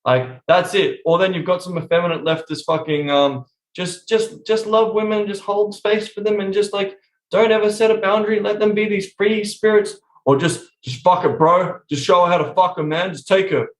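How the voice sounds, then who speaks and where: A man's voice: high voice, moderate pace. A man chatting on a podcast in a blunt, emphatic way, swearing constantly. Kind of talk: casual podcast chat. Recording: roomy echo.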